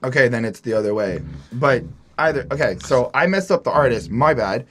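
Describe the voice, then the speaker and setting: A man's voice: mid-range voice, animated, a little fast, fairly bright tone, soft background music. A man co-hosting a podcast, chatting loosely through an album review and reading lyrics aloud. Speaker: podcast co-host. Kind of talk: casual album review chat.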